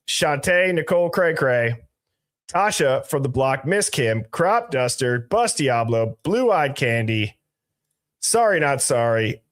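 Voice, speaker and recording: A man's voice: mid-range voice, fairly bright tone. A man hosting a casual live stream, reading out viewer names from the chat with loose, jokey asides. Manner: greets viewers by reading chat usernames aloud. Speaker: livestream host.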